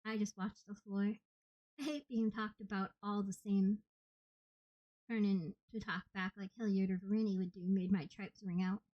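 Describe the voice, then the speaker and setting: A woman narrating an audiobook in the first person with steady, plain storytelling. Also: medium pitch, moderate pace, no room sound, muffled recording. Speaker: audiobook reader.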